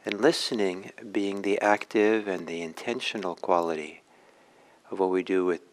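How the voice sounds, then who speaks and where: A man leading a guided meditation talk as a meditation teacher, speaking gently with long pauses. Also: low voice, steady tone, rough recording.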